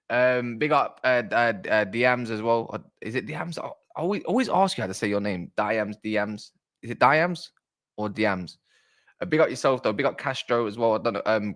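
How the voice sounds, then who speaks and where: Chatty man hosting a football stream. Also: medium pitch. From South East London. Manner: chatty, shouts out viewers, reads chat aloud. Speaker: football livestream host. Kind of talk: casual livestream chat.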